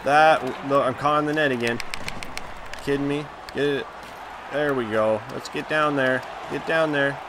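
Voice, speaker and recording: A man commenting live on the hockey video game he is playing, reacting loudly to each play and groaning at his mistakes. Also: medium pitch, unhurried, background noise. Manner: excitable, reacts loudly, groans and laughs at plays. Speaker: gaming channel host.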